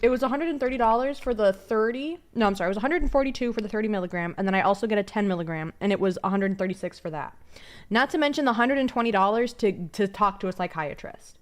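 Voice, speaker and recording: A woman's voice: mid-range voice, fast talker. A young adult woman livestreaming, rambling casually to her chat with many fillers and curse words.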